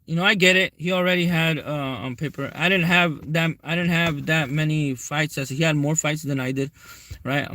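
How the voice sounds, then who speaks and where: A man's voice: a little high, fairly bright tone, dry recording. A young man telling a long personal story to his viewers in a rambling, profane way, often checking in with them. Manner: rambling, profane, keeps asking viewers "right?". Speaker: tarot reader. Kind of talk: casual storytelling vlog to viewers.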